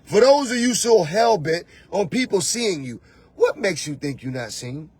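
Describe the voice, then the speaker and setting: A man's voice: high-pitched, big pitch swings, normal speed, a little mellow, slightly rough. A man hosting a show as a spiritual coach, giving an emphatic motivational talk full of repeated phrases and rhetorical questions. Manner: talks straight to the listener with rhetorical questions. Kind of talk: motivational monologue.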